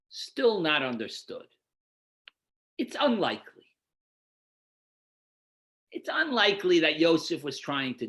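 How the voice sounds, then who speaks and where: A man teaches a Torah class with a bright, clear tone and a very animated pitch that rises and falls. He speaks slowly and deliberately. He poses rhetorical questions, answers them himself, and points his listeners to numbered texts. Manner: guides listeners through numbered source texts. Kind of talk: explanatory lecture.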